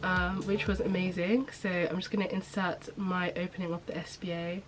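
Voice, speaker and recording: A woman's voice: fairly low pitch, flat delivery, moderate pace, soft background music, rough recording. A young woman chatting casually to camera as a medical student vlogger, upbeat with lots of fillers. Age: young adult. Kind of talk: casual vlog chat to camera.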